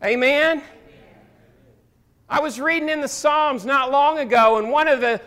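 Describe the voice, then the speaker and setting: A man's voice: extremely high pitch, a little fast, fairly bright tone. A man preaching a sermon, telling a story in a folksy, homespun way. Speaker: pastor.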